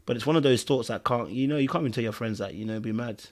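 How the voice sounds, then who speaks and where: A man's voice: medium pitch, racing. A man hosting a podcast in casual chat, rambling and checking in with "okay?" and "you know what I mean". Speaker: podcast host.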